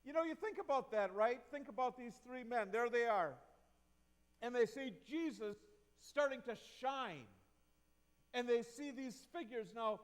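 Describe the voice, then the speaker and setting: High-voiced pastor in a reverberant church. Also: male voice. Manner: reflective, asks the congregation questions. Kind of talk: sermon. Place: church sanctuary. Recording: long reverb of a church hall.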